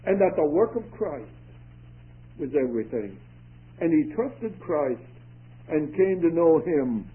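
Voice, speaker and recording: A man's voice: high voice, breathy edge. Man preaching over a tinny radio line. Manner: earnest preaching with emphatic rises and drops. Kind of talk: sermon. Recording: tinny phone-like radio broadcast.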